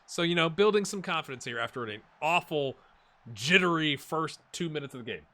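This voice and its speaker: Male gaming YouTuber, mid pitch, bright and animated, chatty and rambling, talks over his own game. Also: fairly quick. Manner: chatty, rambling, bursts of excitement at goals. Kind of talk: casual let's-play commentary.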